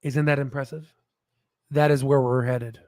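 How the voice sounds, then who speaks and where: A man's voice: medium pitch, level tone, normal speed, darkish tone, dry recording. A man hosting a stock market video in a casual, rambling, jokey way, often tossing in "right?".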